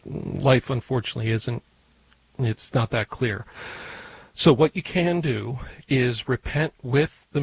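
A man on a call-in radio program explains things in a measured, reassuring way. His voice is gravelly and grainy, with a husky edge. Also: medium pitch. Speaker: radio show guest answering callers.

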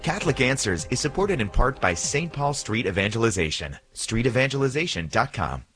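A man's voice: mid-range voice, very animated, brisk, music in the background. A man reading a scripted radio ad earnestly, with rhetorical questions. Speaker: announcer.

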